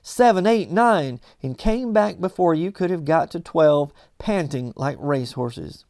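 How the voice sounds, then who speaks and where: A man reading a classic novel aloud in a measured storytelling manner. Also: a little high, lively intonation, gravelly, a little mellow, no room sound, studio quality. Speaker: audiobook reader.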